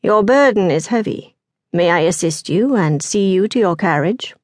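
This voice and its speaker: A woman reading an audiobook, voicing a haughty, aristocratic young gentleman with a low, dry, sarcastic tone. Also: expressive, normal speed, dry recording. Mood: cool, sardonic.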